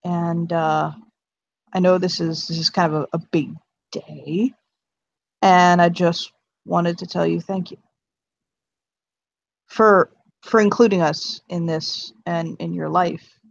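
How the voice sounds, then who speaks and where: A woman playing a halting, tender middle-aged father. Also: high voice, fairly even intonation, vocal fry, highs cut off, full character voice. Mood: earnest, tender. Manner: halting, stammering, heartfelt. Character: earnest middle-aged father talking to his son.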